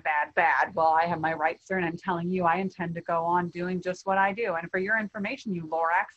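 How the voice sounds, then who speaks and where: A woman reading a storybook aloud, voicing a greedy, stubborn male factory owner who yells back defiantly. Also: lowish voice, dull audio. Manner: defiant, yelling.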